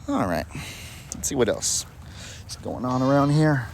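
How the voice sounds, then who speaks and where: A man's voice: medium pitch, big pitch swings, a little slow, a little hiss or hum. Chatty man livestreaming from a farm. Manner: chatty, rambling, talks to animals in a sing-song pet voice. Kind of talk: casual live-stream chat. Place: outdoors on a farm among animals. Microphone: handheld phone camera.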